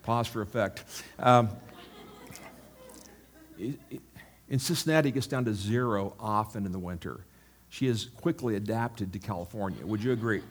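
A man's voice: fairly low pitch, normal speed, long pauses, slightly rough. A male pastor giving a sermon in a church, chatty and self-mocking, with frequent asides to the congregation.

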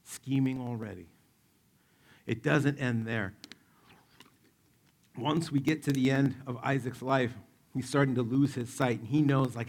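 Gravelly-voiced pastor telling a story. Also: male voice, medium pitch, fairly even intonation, measured pace, long pauses, darkish tone. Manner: casual, storytelling, acts out quotes. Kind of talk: sermon.

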